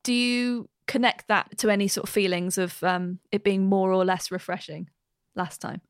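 A woman's voice: medium pitch, steady tone, smooth, no echo. Woman host, dry close sound. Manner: friendly, quick, asks long questions. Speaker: podcast host. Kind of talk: casual interview.

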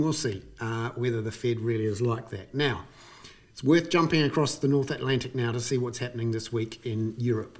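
Male commentator, New Zealand accent, mid pitch, chatty and wry, loose delivery with lots of ums and sudden emphasis. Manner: chatty and wry, with frequent fillers and bursts of emphasis. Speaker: economics commentator. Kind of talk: casual spoken commentary on markets.

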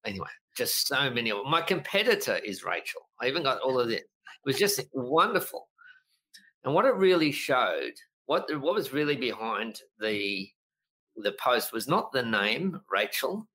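A middle-aged business coach in a casual podcast interview, telling stories in an animated way and acting out quotes. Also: male voice, medium pitch, normal speed, rough recording. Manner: animated storyteller, lively voices for quotes, frequent laughs.

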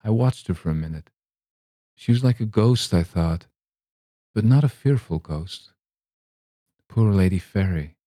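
A man reading a classic story aloud in a measured, gentle storytelling manner. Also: deep voice, expressive, no room sound, clean studio sound. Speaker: reader.

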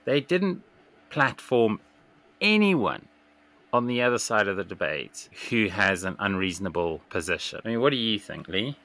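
Animated man hosting a podcast. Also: lowish voice, normal speed. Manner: opinionated, animated, laughs often. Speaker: podcast host. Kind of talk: casual political commentary.

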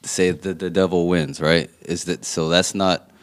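A man's voice: sits low, level tone, measured pace. A man in the congregation asking the pastor a question, hesitant and restarting as he talks. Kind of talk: question from the floor.

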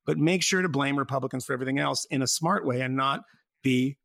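A man's voice: medium pitch, fast, vocal fry, fairly bright tone, dry recording, clean studio sound. A man in casual political chat, rambling and sardonic, often breaking into laughter.

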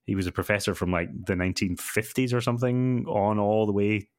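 Podcast co-host, male, low pitch, hesitant and filler-heavy delivery, dry close-mic sound. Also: a little fast, dry recording. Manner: hesitant, many ums and self-corrections. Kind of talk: casual conversational podcast.

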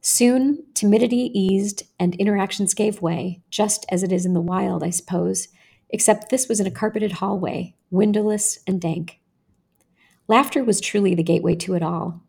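A woman podcast host reading her own personal essay aloud in a measured, earnest way. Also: mid-range voice, steady tone, creaky, dark tone, husky.

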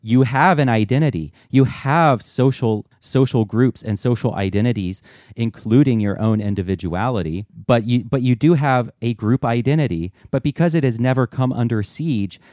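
A man's voice: medium pitch, moderate pace, darkish tone, no echo, studio quality. A man hosting a podcast in a living room, talking casually and earnestly, thinking aloud with emphatic restarts, and reading statements aloud. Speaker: podcast host. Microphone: studio headphones with mic.

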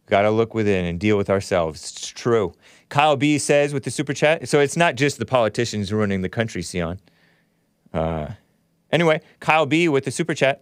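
A man's voice: mid-range voice, sing-song, moderate pace, smooth, dry recording, studio quality. A man hosting a livestream show, reading viewer chats aloud and giving blunt, opinionated commentary as he thinks aloud.

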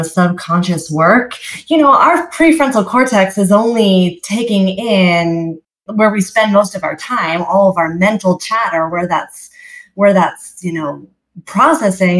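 A woman's voice: medium pitch, rough recording. A woman hosting an interview, asking questions and reflecting on her guest's answers with admiration. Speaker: podcast host. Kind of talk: interview chat.

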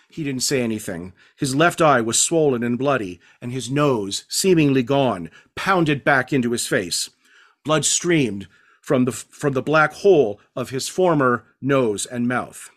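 A male author reading his novel aloud as measured, hard-edged first-person narration. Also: mid-range voice, animated, a bit bright.

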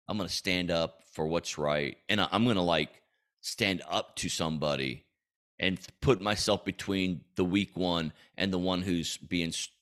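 A man with a somewhat low voice hosts a faith-based coaching podcast. He talks in a punchy, emphatic way and often checks in with his listeners. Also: a bit bright. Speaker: podcast host.

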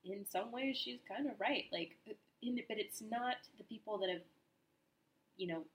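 A woman's voice: medium pitch, moderate pace. A woman co-hosting a casual chat podcast, thinking aloud hesitantly with many restarts. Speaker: podcast co-host.

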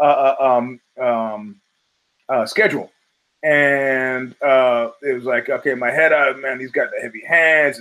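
A man's voice: medium pitch, a bit bright, poor audio. Rambling middle-aged man hosting a podcast. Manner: digressive, many fillers and restarts, swears, chuckles. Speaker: podcast host. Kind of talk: casual rambling commentary.

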